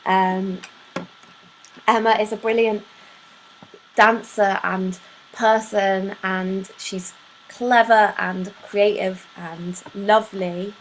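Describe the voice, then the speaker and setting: Slow-talking woman hosting a poem stream. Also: mid-range voice, a little hiss or hum, low-quality recording. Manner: chatty, greets viewers by name, reads verse with playful emphasis. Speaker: live-stream host reading poems on request. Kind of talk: casual chat and poetry reading.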